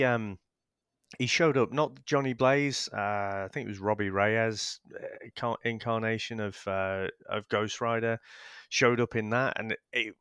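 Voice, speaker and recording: A man's voice: mid-range voice, fairly bright tone, clean tone, no echo, studio quality. A man co-hosting a casual film review podcast, easygoing and chuckling, hedging his points with "you know". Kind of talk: casual chat.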